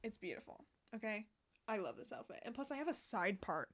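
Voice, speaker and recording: A young woman vlogger chatting outdoors, excitable and sassy, swearing often. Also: medium pitch, brisk. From Canada. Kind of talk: casual chat. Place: outdoors on a sunny day.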